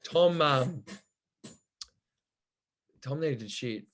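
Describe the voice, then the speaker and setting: Young man, podcast guest; rambling, sweary, giggly storyteller, middle pitch. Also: expressive, drawn-out words, a bit bright, a little hiss or hum. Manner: rambling, swears freely, laughs while telling stories. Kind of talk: casual storytelling chat.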